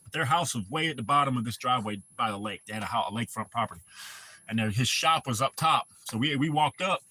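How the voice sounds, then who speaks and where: A man with a bright, husky voice talks off the cuff to his livestream viewers. He rambles from one story to the next and swears freely. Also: medium pitch, quick pace, no room sound. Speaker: livestream host. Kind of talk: casual livestream chat.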